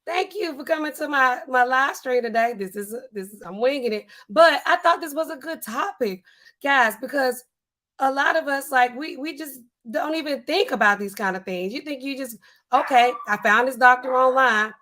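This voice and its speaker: A woman hosting a casual live stream, chatting loosely and reading out viewer comments in animated, slangy speech. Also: high-pitched, moderate pace. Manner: chatty, animated, African American Vernacular English (AAVE) style phrasing.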